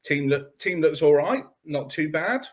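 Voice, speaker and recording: Relaxed man calling in, hesitant. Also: a little high, unhurried. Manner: relaxed, hesitant, restarts sentences. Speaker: guest caller. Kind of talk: casual chat.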